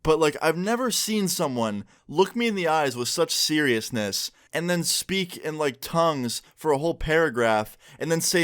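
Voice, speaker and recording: A young man in a casual storytime vlog, speaking in an animated way and swearing freely. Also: a little high, moderate pace, few pauses, clear, resonant tone. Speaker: YouTuber.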